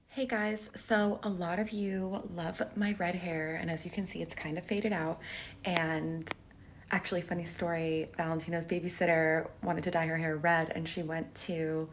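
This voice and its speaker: A woman vlogging casually at home into a handheld phone, drawling with vocal fry and filling her talk with "like" and "um". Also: fairly low pitch, slight background noise. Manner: drawling, peppered with "like" and "um". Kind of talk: casual confessional vlog talk.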